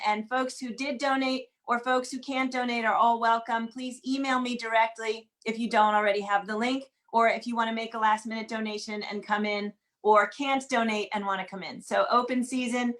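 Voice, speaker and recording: A woman hosting an online group singalong over a video call, greeting people quickly and giving announcements in an upbeat, casual way. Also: fairly high pitch, steady tone, fairly bright tone.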